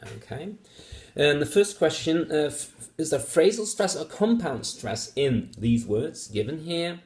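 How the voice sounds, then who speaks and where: A man's voice: a little high, animated, a little slow, darkish tone. A man with Dutch as his first language, explaining test answers as a phonetics teacher, methodical, with many fillers and repeated example words. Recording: echoey room.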